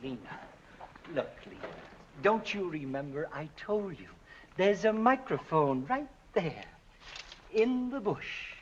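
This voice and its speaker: An actor playing an impatient film director who explains things slowly and in exasperation, in an old Hollywood film clip. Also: male voice, high voice, sing-song, highs cut off, a little hiss or hum, exaggerated voice. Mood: exasperated. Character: impatient male film director, middle-aged.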